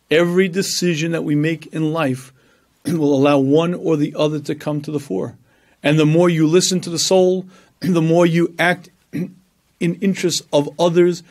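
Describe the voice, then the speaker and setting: A man giving a religious lecture, telling stories with animation and acting out voices, often clearing his throat. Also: on the high side, a little mellow. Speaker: rabbi and lecturer. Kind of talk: Torah lecture.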